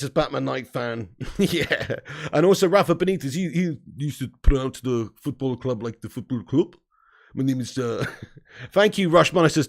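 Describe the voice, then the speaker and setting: A man's voice: a little high, expressive, moderate pace, vocal fry. A man hosting a casual live stream, reading out viewer comments and laughing often.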